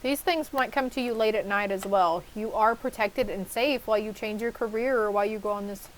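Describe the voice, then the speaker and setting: A woman's voice: medium pitch, brisk, slight background noise, poor audio. A woman giving a casual tarot reading to her viewers, chatty and reassuring, with casual swearing and asides to herself. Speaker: tarot reader.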